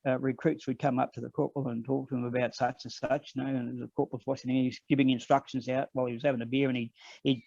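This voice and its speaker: A man's voice: mid-range voice, level tone, creaky, a little mellow, dry recording. Older Australian man, dry muffled video-call sound, storytelling guest. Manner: unhurried, frequent ums, re-enacts dialogue. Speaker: guest elder. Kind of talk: personal storytelling in conversation. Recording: dull lo-fi online call audio.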